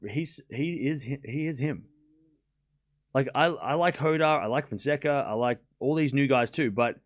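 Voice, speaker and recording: A young man hosting a live tennis watchalong stream, chatting casually and excitably with lots of "like" fillers and mocking asides. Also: medium pitch.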